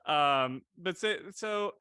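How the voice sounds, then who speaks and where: A man's voice: on the high side, expressive, slow, bright, forceful tone, smooth, dry recording, studio quality. A man, a dungeon master, recounting a campaign story in a casual chat.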